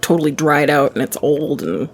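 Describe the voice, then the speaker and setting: A woman's voice: deep voice, very animated, moderate pace, gravelly, a little hiss or hum. A woman co-hosting a casual book podcast, dropping short wry remarks. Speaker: podcast co-host. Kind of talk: casual book discussion chat.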